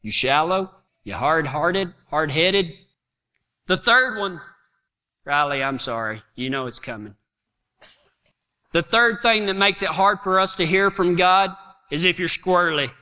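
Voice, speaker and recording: A pastor preaches with big swings, dropping to hushed asides and then shouting. His voice sits high and sounds very bright and sharp. It rings out with a long echo through a large church hall. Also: expressive, measured pace, pauses often. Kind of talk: sermon.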